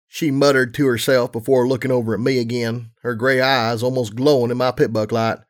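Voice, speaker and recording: A man reading a story aloud, narrating in a steady, even storytelling manner. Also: medium pitch, fairly quick, hardly any pauses. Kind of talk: audiobook reading of fan fiction.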